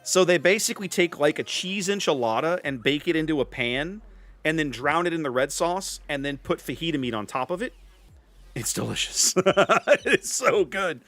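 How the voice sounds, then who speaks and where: A chatty man from the Gulf Coast hosts a relaxed gaming stream. His voice sits a little high and swings lively up and down as he talks. Faint music plays under his voice. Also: fairly quick. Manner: chatty, animated, reads chat names aloud. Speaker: streamer host. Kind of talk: casual gaming stream chat.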